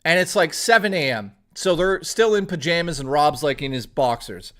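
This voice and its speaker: A man with a slightly raised pitch chats on a live stream. His storytelling rambles and is peppered with profanity. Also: animated, moderate pace, a bit bright. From Toronto, Canada.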